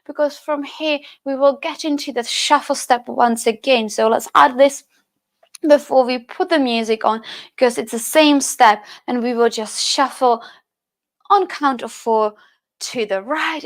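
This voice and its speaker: Woman dance instructor, high voice, unhurried, counting beats, encouraging, faint music behind. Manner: encouraging, counts beats aloud with sing-song emphasis. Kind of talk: counting and cueing a chair dance class.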